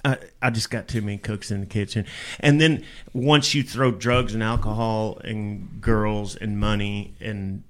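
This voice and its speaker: A man's voice: lowish voice, steady tone, unhurried, few pauses. A man, a rock vocalist as guest, telling stories bluntly and with plenty of cussing in a casual interview. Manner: blunt, profane, rambling.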